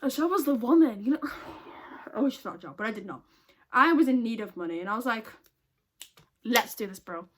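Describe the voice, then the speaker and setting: A woman's voice: a little high, lively intonation, fairly quick, pauses often. A young woman, telling a story casually in a profane, exasperated way. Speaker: vlogger.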